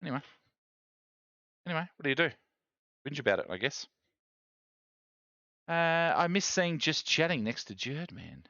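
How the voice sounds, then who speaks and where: An Australian streamer hosts a casual live stream, chatting with viewers, reading the chat aloud, and going off on animated rants. His voice sits on the high side with vocal fry, at a moderate pace with frequent pauses, and the recording is dry and dull.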